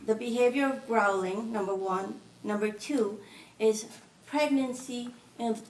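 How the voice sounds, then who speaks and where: Woman, public comment at city meeting, earnest and pleading, echoey room, faint background hiss. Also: medium pitch. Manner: earnest, pleading, quotes others in quick bursts. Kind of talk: public comment, recounting events. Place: city commission chamber. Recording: roomy chamber audio, distant mic.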